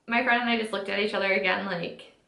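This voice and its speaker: Her voice is medium pitched, creaky and sharp: a beauty vlogger in her twenties, sitting at her makeup setup in a room at home. She tells a chatty, casual story in an echoey space, saying "like" all the time and acting out the quotes.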